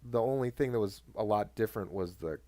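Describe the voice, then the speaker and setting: A man's voice: lowish voice, brisk, no echo. A man co-hosting a podcast, casually telling stories and swearing a lot. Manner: swears often, animated retelling of cop stories. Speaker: podcast co-host. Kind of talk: casual chat, storytelling.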